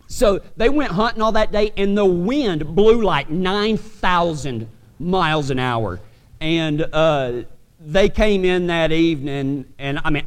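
A man with a Texan accent, a pastor from West Texas telling a folksy, animated story to his congregation. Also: high voice, big-room sound. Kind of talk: storytelling sermon.

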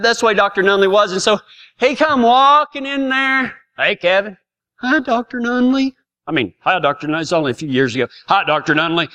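A man's voice: sits high, sharp tone, clean tone. A middle-aged man telling a comic personal story in a folksy, self-mocking way, laughing often. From Texas.

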